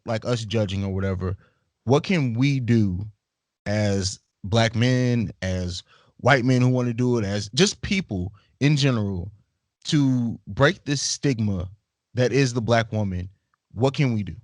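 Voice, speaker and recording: A young man hosting a podcast, asking searching questions in a halting way with frequent restarts. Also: medium pitch, animated, dry recording, clean studio sound. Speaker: podcast host. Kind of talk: podcast interview.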